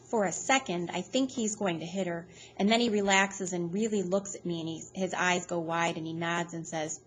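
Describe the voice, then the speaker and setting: A woman's voice: lowish voice, normal speed, few pauses, slight background noise. Woman reading a novel aloud. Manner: steady, plain storytelling. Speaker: reader.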